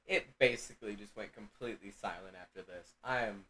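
A man's voice: on the low side, fairly quick, crowd noise. A young man co-hosting a podcast over an online call, offhand and apologetic with dry jokes. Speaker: podcast co-host. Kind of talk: casual chat.

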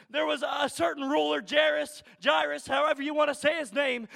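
A man preaching a sermon in a church, building to shouted emphasis with a repeating cadence, at times choked up with emotion. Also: very high-pitched, steady tone, normal speed, gravelly, hardly any pauses, in a large hall. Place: church sanctuary.

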